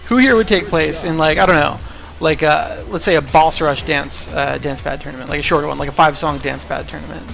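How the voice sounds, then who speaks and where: A man's voice: on the high side, steady tone, fairly quick, vocal fry, fairly bright tone, faint music behind. A man giving casual, jokey, rambling commentary for a livestreamed gaming tournament.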